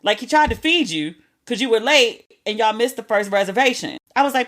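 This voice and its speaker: A woman's voice: fairly high pitch, animated, brisk, fairly bright tone. A woman hosting a podcast, telling stories in a casual, candid monologue with slang and the odd curse word. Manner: candid, chatty, with slang and cursing. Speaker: podcast host.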